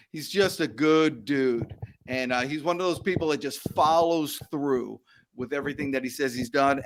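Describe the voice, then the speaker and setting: Guy with a high voice hosting a live video call show, rambly and jokey, keeps tripping over his words. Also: fairly bright tone. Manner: rambling, joking, stumbles and laughs. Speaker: livestream show host. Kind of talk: casual live show banter.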